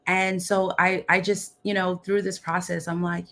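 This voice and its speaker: A woman's voice: mid-range voice, fairly even intonation, unhurried. A young woman from Dallas talks as a guest over a video call. She is bubbly and upbeat and laughs often in easy, casual chat. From Dallas, Texas. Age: young adult.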